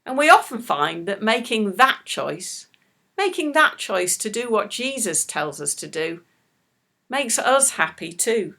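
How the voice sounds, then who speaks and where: A middle-aged woman leading a children's church talk, speaking slowly and gently to small children. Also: mid-range voice. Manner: slow, animated, talks warmly to small children.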